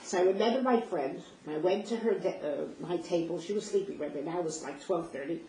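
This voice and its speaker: An older woman shares personal memories as a vivid, emotional first-person story, acting out the dialogue in a brisk, lowish voice. The recording has a roomy, distant mic with faint noise.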